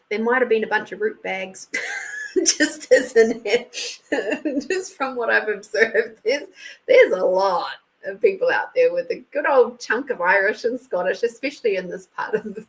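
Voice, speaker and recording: Slow-talking Australian woman, giggly host. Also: a little high, a bit bright, low-quality recording. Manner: chatty, giggly, thanks donors by name. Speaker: intuitive reader and live stream host. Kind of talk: casual live-stream chat.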